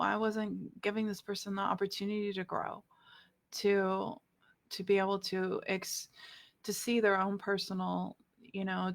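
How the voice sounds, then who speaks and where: A woman's voice: mid-range voice, vocal fry, fairly bright tone. Candid, tearful middle-aged woman. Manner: candid and confiding, with many fillers, turning tearful. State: emotional, near tears. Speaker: spiritual vlogger. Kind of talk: personal spiritual talk to camera.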